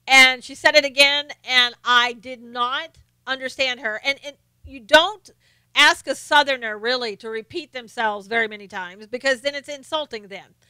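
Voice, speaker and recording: A woman's voice: high-pitched, bright, forceful tone, clear, resonant tone, dry recording. A woman from North Carolina with a faint Southern accent, hosting a live stream and chatting casually while reading viewer comments, laughing often. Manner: chatty, laughs often, slows down to mimic quotes.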